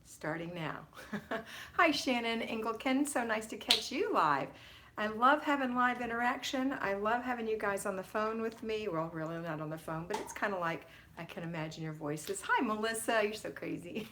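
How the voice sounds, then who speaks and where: A woman's voice: a little high, moderate pace, pushed and bright, slight background noise. A middle-aged woman hosting a casual homemaking livestream from home, greeting viewers by name in an affectionate, chatty way. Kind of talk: casual live-stream chat.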